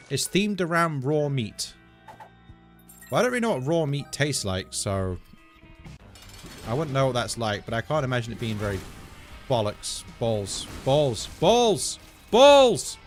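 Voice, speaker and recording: A man's voice: medium pitch, very animated, normal speed, long pauses, soft background music. An English man chatting casually and digressively to viewers while streaming a video game. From England. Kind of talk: casual live-stream chat while gaming.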